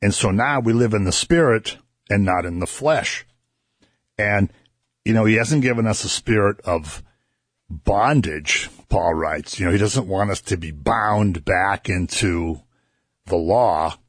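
A man's voice: on the low side, a little slow, breathy edge, no room sound, clean studio sound. A man hosting a Christian radio show, earnestly explaining a Bible passage to listeners and his co-host. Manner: earnest, explanatory, builds emphasis. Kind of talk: conversational Bible teaching.

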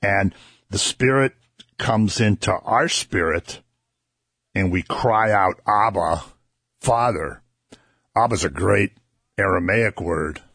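Man, religious talk radio host, very low voice, dry close sound. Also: slow pace, fairly bright tone, breathy edge, no echo. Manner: earnest, explanatory, builds emphasis. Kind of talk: conversational Bible teaching.

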